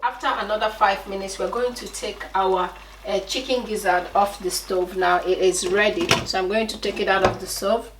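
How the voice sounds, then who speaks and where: A woman's voice: mid-range voice, fairly even intonation, normal speed. A woman from Nigeria with a Nigerian accent, chatting animatedly to viewers while cooking and telling a story. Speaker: vlogger. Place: home kitchen. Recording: echoey room, mic at a distance.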